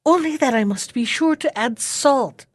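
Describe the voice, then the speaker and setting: A gentle fairy-tale maiden speaks in a soft, hushed voice, careful and clever under her fear, played by a woman reading aloud. Her delivery is slow and close to the mic. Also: high-pitched, animated, no echo. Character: gentle young maiden, frightened but clever.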